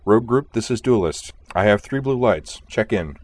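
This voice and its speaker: A deep-voiced man voicing a cool-headed woman fighter pilot who leads her squadron, speaking in brisk, commanding radio calls. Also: animated.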